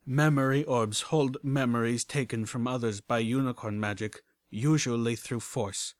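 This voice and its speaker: A man voicing a secretive floating robot messenger in a measured, evasive tone. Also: medium pitch, no room sound, close to an everyday voice.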